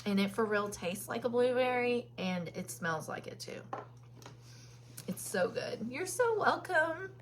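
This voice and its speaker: A woman's voice: a little high, lively intonation, a little slow, slight background noise. A woman from Kentucky with a Southern accent, hosting a casual makeup live stream and chatting with viewers by name between many ums.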